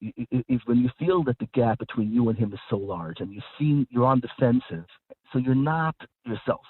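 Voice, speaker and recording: A man's voice: mid-range voice, lively intonation, a little fast, breathy edge, dry recording. A man speaking as a guest rabbi in a radio discussion, talking emphatically with frequent repeated words and restarts. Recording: dry, phone-like line.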